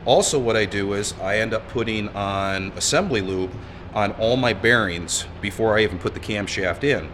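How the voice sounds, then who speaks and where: A man walking through an engine build in a garage, in a relaxed, folksy, explanatory way. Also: on the low side, slight background noise. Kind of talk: casual shop demonstration. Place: garage workshop.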